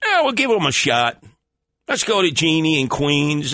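Brash new radio guy, bright punchy voice, swings all over, dry studio sound. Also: a little high, sing-song, measured pace, dry recording. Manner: brash, swaggering, loud outbursts. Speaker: radio talk show host. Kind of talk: animated storytelling call-in radio.

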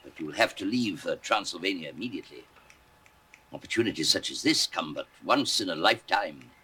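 An actor playing an older employer, brisk and condescending, with a husky, formal delivery in a film scene. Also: male voice, low voice, expressive, pushed and bright, full character voice. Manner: crisp, formal. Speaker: film character. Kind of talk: film acting.

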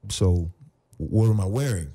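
A man around forty with a deep, mellow voice tells a story as a podcast guest. He acts out each side of the conversations in lively fashion, recalling his days as a football player turned actor. The voice is low and warm throughout. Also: a little slow. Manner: animated storyteller who acts out both sides of conversations. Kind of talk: casual storytelling interview.

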